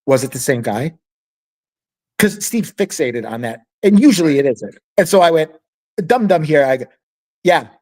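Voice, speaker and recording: Animated man telling a funny story. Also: sits high. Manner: animated, laughing often, acting out other people's lines. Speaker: podcast co-host. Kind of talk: casual storytelling chat.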